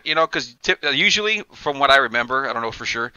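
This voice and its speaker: Bright-voiced man telling a rambling story. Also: mid-range voice, quick pace, smooth, no echo, highs cut off. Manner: animated, profane, acts out quoted dialogue. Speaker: podcast co-host. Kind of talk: casual chat, storytelling.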